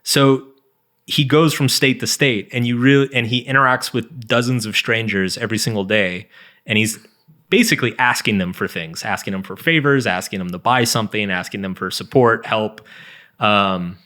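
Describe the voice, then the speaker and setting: A man's voice: lowish voice, normal speed, pushed and bright. A man in his thirties, a guest author on an interview podcast, talking in a loose, rambling way full of "like" and restarts. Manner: rambling, heavy use of "like", frequent restarts. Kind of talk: casual interview chat.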